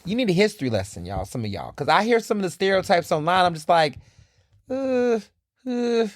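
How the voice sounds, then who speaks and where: A male podcast host, speaking in a sassy, animated, conversational manner. His voice sits fairly high for a man, and the recording is close and very dry. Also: no echo. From Texas. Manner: animated, sassy, conversational, addresses listeners as y'all and baby. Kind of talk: solo podcast commentary.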